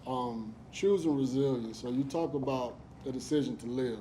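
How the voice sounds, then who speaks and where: A woman hosting an interview, relaxed and encouraging, with short affirmations. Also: very deep voice, moderate pace. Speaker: interview host. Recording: noisy background hiss.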